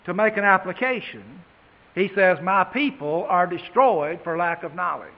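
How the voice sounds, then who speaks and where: A man delivers a sermon, reading scripture slowly and emphatically before easing into plain talk with his listeners. His voice sits high for a man. The sound is muffled and lo-fi, with a long reverb trailing each phrase. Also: expressive. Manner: slow emphatic scripture reading, then plain conversational aside. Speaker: preacher. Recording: dull, echoey hall.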